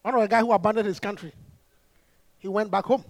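A man preaching a sermon to a congregation. He is animated, laughs often and rises to shouts. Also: high voice, quick pace, dry recording.

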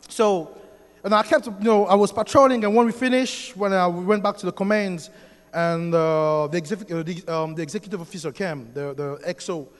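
High-voiced man with a French accent. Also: brisk. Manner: excited storytelling with many fillers and restarts. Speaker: church member giving a testimony. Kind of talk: spoken testimony to a congregation. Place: church hall. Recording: long hall reverb.

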